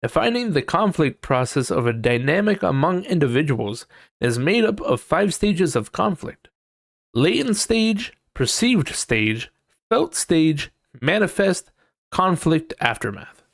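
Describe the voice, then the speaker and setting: A man's voice: fairly high pitch, sing-song, a little slow, creaky, no echo, clean studio sound. A man hosting a casual solo podcast. He thinks aloud while reading, swears freely, and acts out quoted people in exaggerated voices. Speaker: podcast host.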